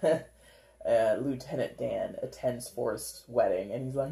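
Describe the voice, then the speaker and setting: A woman with a rumbling low, creaky, mellow voice gives a casual tarot reading at a slightly slow pace. She rambles and chats, using lots of fillers and giggling frequently.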